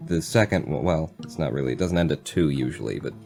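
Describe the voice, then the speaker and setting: A man playing a boozy small-town man who keeps landing in jail, in improvised role-play, in a loud and sheepish way. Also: extremely low pitch, expressive, quick pace, creaky, faint music behind, voice pushed down, heavily acted.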